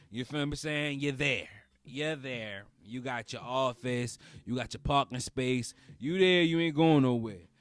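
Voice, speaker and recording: A man, talking as a podcast host in a comedic, casual monologue, repeating phrases and breaking into loud outbursts. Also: medium pitch, no echo.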